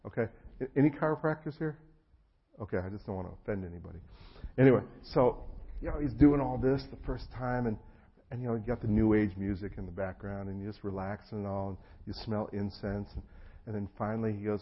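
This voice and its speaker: A middle-aged man preaching a sermon, telling personal stories, acting out the voices of the people in them and swinging from hushed tones to loud bursts. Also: fairly low pitch, a little fast, husky, muffled recording. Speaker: pastor. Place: church hall before an audience.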